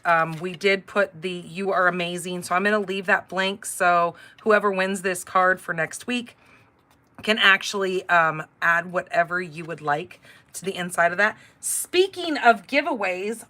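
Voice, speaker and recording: A woman's voice: mid-range voice, pushed and bright. A middle-aged woman hosting a live card-making class, chatting casually and rambling into stories with filler words while she works. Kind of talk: casual live crafting demonstration.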